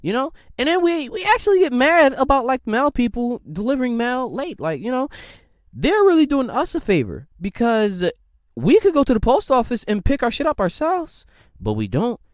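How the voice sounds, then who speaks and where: A man rants on a podcast in a loose, comedic flow, and his pitch climbs and drops all over the place. His voice is smooth and clean. The sound is dry and close, with no room echo. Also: wildly swooping pitch, normal speed. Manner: rambling, profane, swings pitch widely for quoted voices. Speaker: podcast host. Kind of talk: casual comedic rant.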